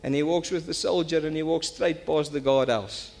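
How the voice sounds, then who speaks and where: High-voiced pastor preaching. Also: male voice, normal speed, gravelly. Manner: storytelling that builds to loud emphatic preaching. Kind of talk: sermon.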